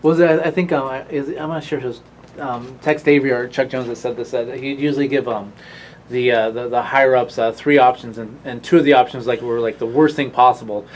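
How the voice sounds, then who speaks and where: A man interviewing an animator, asking questions in a relaxed, halting way with many fillers. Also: medium pitch, a little hiss or hum, rough recording. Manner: relaxed, hesitant, lots of fillers and backchannel. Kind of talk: casual interview.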